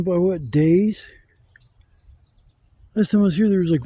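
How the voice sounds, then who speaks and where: A man's voice: sits high, measured pace, dark tone, dry recording. A man vlogging while camping in the woods, talking casually and swearing a lot as he gathers wood. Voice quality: profane, rambling, Southern-style speech. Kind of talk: casual outdoor vlog. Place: outdoors in woods. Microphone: camera mic, handheld gimbal.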